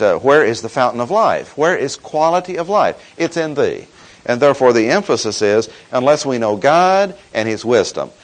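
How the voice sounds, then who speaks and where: A man preaching an expository sermon, teaching in a measured, emphatic way and slowing down to stress key words. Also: mid-range voice, poor audio.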